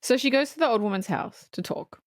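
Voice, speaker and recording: A woman co-hosting a casual movie review podcast, cursing freely, laughing often and acting out scenes in quick voices. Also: on the high side, expressive, no echo, studio quality. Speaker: podcast co-host.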